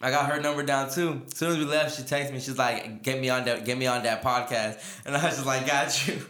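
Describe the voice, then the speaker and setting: Fast-talking man telling a story. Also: medium pitch, steady tone, pushed and bright. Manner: rambling, laughing, lots of filler and quoted dialogue. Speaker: podcast host. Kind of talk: casual storytelling chat. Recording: echoey room.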